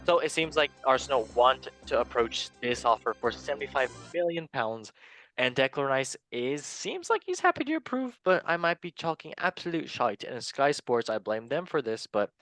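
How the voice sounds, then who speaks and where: A man of middle pitch hosts a football news chat, rambling and joking at his own expense. His voice sounds close and dry with almost no room around it, and faint music plays underneath. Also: moderate pace, fairly bright tone, dry recording. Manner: joking, rambling, self-mocking asides. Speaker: show host.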